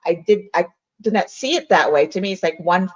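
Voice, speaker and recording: A woman's voice: fairly low pitch, brisk, lo-fi sound. A woman co-hosting a podcast, speaking hesitantly, restarting and searching for words. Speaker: podcast co-host. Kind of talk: podcast conversation.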